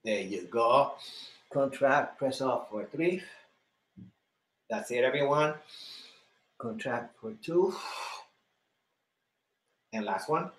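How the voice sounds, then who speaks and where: A man's voice: medium pitch, animated, slow, long pauses, a bit bright, roomy sound. A man leading a live online exercise class, counting repetitions, cueing breathing and encouraging students by name. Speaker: fitness instructor.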